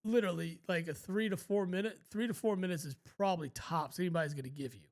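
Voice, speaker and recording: A man's voice: high-pitched, fast talker. A man co-hosting a podcast, telling a long story in a laid-back, rambling way and swearing freely. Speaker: podcast co-host. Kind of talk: casual storytelling chat.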